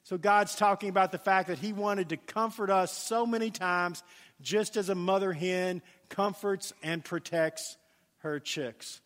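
High-voiced man preaching in a reverberant hall. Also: fairly even intonation, measured pace, a bit bright. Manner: storytelling with folksy asides and many fillers. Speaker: pastor. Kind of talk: sermon.

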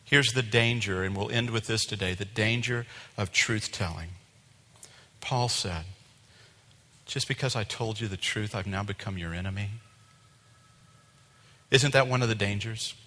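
A man preaching a sermon to his congregation in an animated way, acting out quoted voices. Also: lowish voice, measured pace, pauses often, long reverb tail. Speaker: pastor. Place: church sanctuary.

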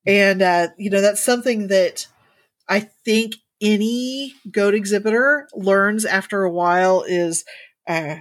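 A woman co-hosting a casual podcast chat, talking in a thoughtful, measured way with some hedging. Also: mid-range voice, no echo. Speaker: podcast co-host.

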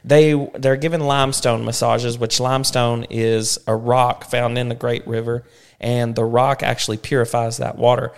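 A man's voice: medium pitch, level tone, moderate pace, creaky, clear, resonant tone. A man hosting a casual family podcast, telling travel stories in a chatty way and ending with an upbeat sign-off.

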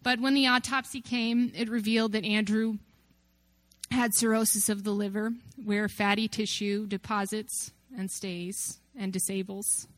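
A woman's voice: mid-range voice, little pitch movement, unhurried, no echo. A woman giving a personal testimony talk about faith, earnest and reflective, with rhetorical questions that build up.

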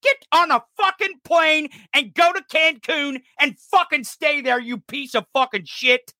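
A male podcast host delivering an angry, profane political rant, often shouting. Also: very high voice, measured pace, dry recording, clean studio sound.

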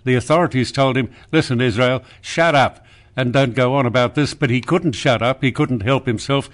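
Fields: Figure: veteran radio host, played by a man. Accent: Australian. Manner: dry, wry, unhurried. Pitch: mid. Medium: comedy radio sketch. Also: close to an everyday voice.

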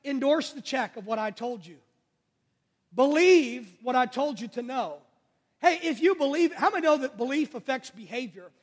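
A man preaches to his congregation, his voice very high for a man. He calls out questions, then drops to a near hush. A long reverb trails after each phrase in the church. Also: expressive, moderate pace. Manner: call-and-response preaching, rising and falling in volume. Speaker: pastor. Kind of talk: sermon.

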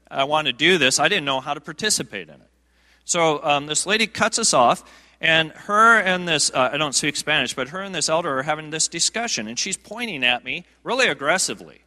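A man's voice: on the high side, sharp tone. A man preaching a sermon, telling a humorous, self-deprecating story with frequent fillers and restarts. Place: church sanctuary. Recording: long reverb of a large sanctuary.

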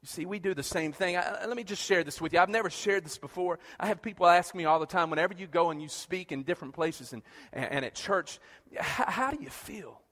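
A man preaching a sermon, animated, acting out quoted prayers and often repeating words as he starts a phrase. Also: sits high, fast talker, hardly any pauses, long reverb tail.

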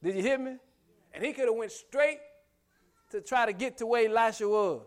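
High-voiced preacher firing rhetorical questions. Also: male voice, normal speed. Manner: emphatic, builds with repeated rhetorical questions; humorous asides, laughs often. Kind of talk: sermon.

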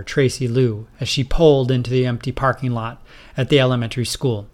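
A man narrating a spoken story in a steady, scripted way. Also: mid-range voice, moderate pace.

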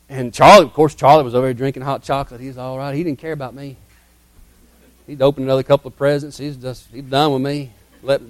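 Middle-aged preacher, folksy dramatic testimony, dry close mic. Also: male voice, mid-range voice, dry recording. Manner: folksy, dramatic storytelling, drops to hushed tones. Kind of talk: sermon storytelling.

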